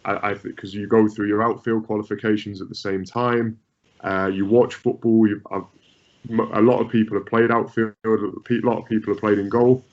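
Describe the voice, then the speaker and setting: A fairly low-pitched, darkish voice with little pitch movement belongs to a goalkeeping coach giving conversational interview answers at a normal pace. He repeats words and restarts frequently, and the recording is muffled and lo-fi.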